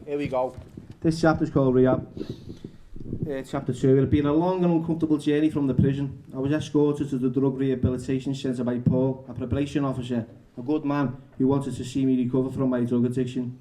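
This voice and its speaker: A male author reading his memoir aloud at a bookshop event, halting and correcting himself as he goes. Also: mid-range voice, flat delivery, noisy background. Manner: halting, restarts and self-corrections.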